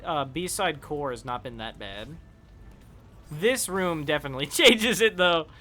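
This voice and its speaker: A man's voice: a little high, animated, a little slow, bright, forceful tone. A man chatting casually with viewers while playing a game on a live stream, rambling and swearing when he fails.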